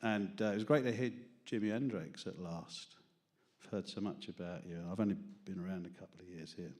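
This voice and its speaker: Low-pitched, brisk, and a little mellow, this London-accented man performs stand-up comedy and reads poetry at an open mic for a small studio audience. His set rambles, pokes fun at himself, and often has him laughing at his own jokes.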